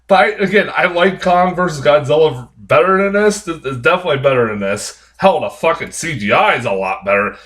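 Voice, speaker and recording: A man's voice: on the high side, animated, brisk, few pauses, fairly bright tone. A man giving a casual spoken movie review, ranting in an exasperated, profane way with frequent laughs and rambling restarts. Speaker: film reviewer.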